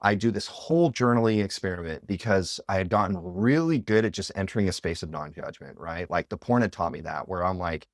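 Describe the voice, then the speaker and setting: A man in his thirties, a podcast guest, telling personal stories in an animated, conversational way, full of "like" and "you know". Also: deep voice, brisk, few pauses, no echo, studio quality. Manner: animated, filler-heavy, with lots of "like" and "you know".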